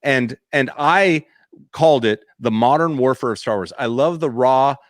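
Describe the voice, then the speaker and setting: Relaxed laughing male guest. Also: mid-range voice, normal speed, no room sound, studio quality. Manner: relaxed, laughs easily, searching for words. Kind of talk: casual chat.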